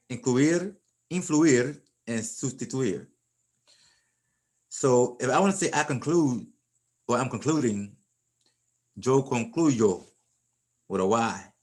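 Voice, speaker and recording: Relaxed and informal, this medium-pitched male Spanish teacher explains things to his class, often going back over words and starting them again.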